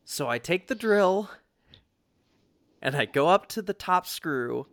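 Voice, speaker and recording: Casual male storyteller, expressive and profane, pitch leaping around, dry close sound. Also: slow, no echo. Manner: animated, swears freely, lots of fillers and restarts. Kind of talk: casual anecdote.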